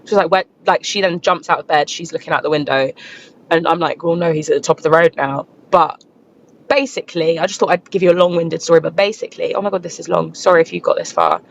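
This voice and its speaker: A young woman talks straight to camera, her telling shaken and tumbling with fillers. The sound is a bit dull and lo-fi, with a faint low hum behind her. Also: lively intonation, fast, vocal fry. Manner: shaken, breathless retelling full of fillers. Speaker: eyewitness telling her own story. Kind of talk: casual first-person storytelling to camera. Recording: slightly dull lo-fi recording.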